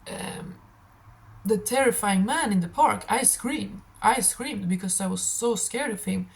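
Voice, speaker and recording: A woman with a hoarse, tired throat giving a rambling, emphatic tarot reading to camera, repeating affirmations. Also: medium pitch, unhurried, rough recording. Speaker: tarot reader.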